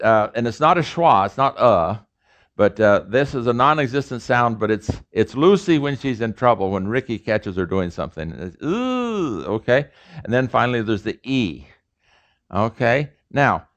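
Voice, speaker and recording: A man's voice: medium pitch, animated, moderate pace. A man, a professor, giving a classroom lecture and explaining sounds step by step, with fillers and restarts. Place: lecture room. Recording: dull lo-fi lecture recording.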